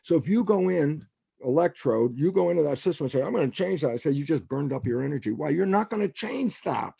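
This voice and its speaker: A slightly high, dark and mellow voice with a gravelly edge belongs to an older man, a scientist guest telling stories in a podcast interview. He moves a little fast, animating his tales and acting out people's words. The sound is close and dry, with no room sound.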